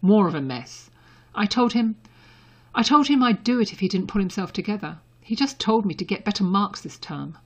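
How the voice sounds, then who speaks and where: A woman's voice: medium pitch, animated, moderate pace, husky. Woman reading as a bitter, brittle young man. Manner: harsh, bitter and clipped. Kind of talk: audiobook character reading.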